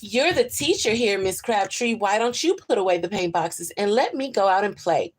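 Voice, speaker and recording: A woman's voice: mid-range voice, animated, normal speed, husky. A woman voicing an impudent, sulky little girl who answers back. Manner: cheeky and sulky.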